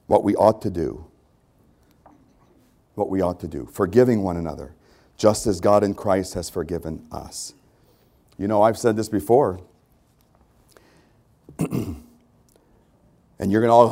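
A man's voice: on the low side, moderate pace, vocal fry, pauses often, mellow. A male pastor preaching a conversational sermon to his congregation, repeating phrases for emphasis.

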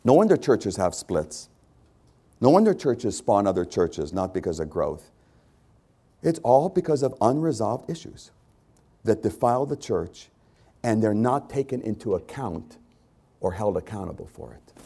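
A man's voice: on the low side, big pitch swings, unhurried, long pauses, dark tone, slightly rough. A male pastor preaching a conversational sermon to his congregation, repeating phrases for emphasis.

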